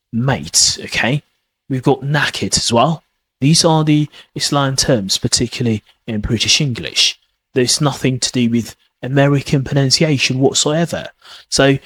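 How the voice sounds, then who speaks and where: A man's voice: mid-range voice, husky. A man hosting a podcast lesson on pronunciation, talking casually with lots of fillers and encouraging repetition. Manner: rambling, frequent fillers like "I mean" and "kind of"; encouraging, repeats key points. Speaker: English pronunciation teacher, podcast host.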